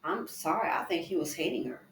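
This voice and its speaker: A woman's voice: on the low side, fairly quick, slight background noise. A woman giving reaction commentary, emphatic and indignant, with rhetorical questions. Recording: echoey room.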